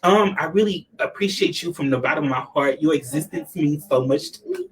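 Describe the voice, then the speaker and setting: A man's voice: on the high side, a little fast, a bit bright, far from the mic, rough recording. A man giving a heartfelt, tearful thank-you speech at a community anniversary event, repeating himself as he talks. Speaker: community leader being honored.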